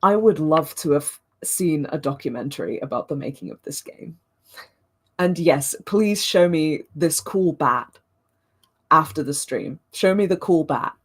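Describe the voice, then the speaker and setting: A woman's voice: low voice, expressive, measured pace, slightly rough. A woman hosting a watch-along of her own old gameplay videos, chatting casually and mocking herself with frequent laughter.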